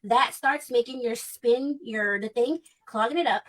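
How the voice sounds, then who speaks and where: A woman's voice: a little high, a little slow. A woman on a clipped livestream, ranting in a blunt, heated way, swearing often and repeating herself. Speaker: vlogger.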